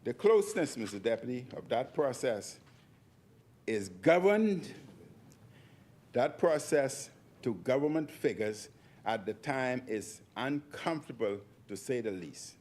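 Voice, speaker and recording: A man giving a speech in parliament, forceful and repeating phrases for emphasis. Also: mid-range voice, animated, unhurried. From Bahamas. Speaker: member of parliament. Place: parliament chamber.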